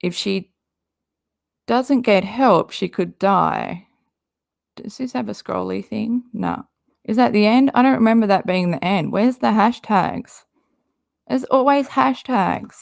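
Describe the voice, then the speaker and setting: A woman's voice: mid-range voice, takes it slowly, gravelly, dry recording, clean studio sound. A woman doing casual commentary, reading social media posts aloud with an exasperated, rambling manner and frequent swearing. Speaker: commentary YouTuber.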